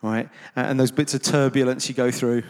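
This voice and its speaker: A man of middle pitch talks to a gathered crowd in an easy, rambling way, with ums and wry asides at his own expense. His voice rings out with the long reverb of a large hall. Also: fairly even intonation, brisk, a little mellow. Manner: rambling and conversational, with many ums and self-deprecating asides. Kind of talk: informal anecdotal talk to a gathered audience.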